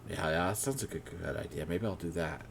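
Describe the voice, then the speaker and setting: A scheming official, played by a man in a deep voice, muttering and stalling as he hatches a plan. Faint hiss under the voice. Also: fairly quick, creaky. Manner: muttering, hesitant, talking himself into a plan. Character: scheming, flustered male official.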